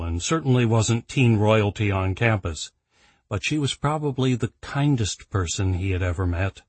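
A man narrating an audiobook in a steady, even storytelling manner. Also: on the low side, breathy edge, no room sound.

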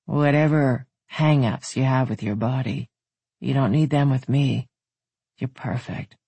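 A narrator voicing a strong, tender, confident man who talks in a low rumbling murmur, read in a dry, husky voice. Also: measured pace, mellow, dry recording.

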